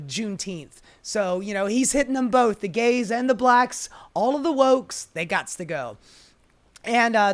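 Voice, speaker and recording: A woman's voice: medium pitch, a bit bright. A woman hosting her own political commentary show, ranting in a sarcastic, exasperated tone and rambling with lots of fillers.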